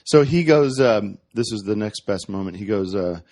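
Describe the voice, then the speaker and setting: A man in casual podcast chat, retelling a story with many restarts and quick corrections. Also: lowish voice, animated, darkish tone. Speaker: podcast guest.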